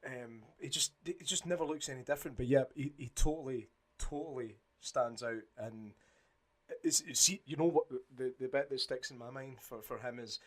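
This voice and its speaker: Podcast co-host, man, middle pitch, animated storyteller, swears, slips into put-on voices. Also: moderate pace. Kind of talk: casual chat.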